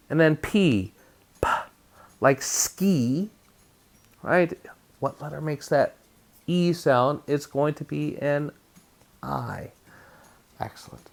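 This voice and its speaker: A man's voice: medium pitch, unhurried, vocal fry. A man teaching a spelling lesson to third graders, encouraging and sounding out words syllable by syllable.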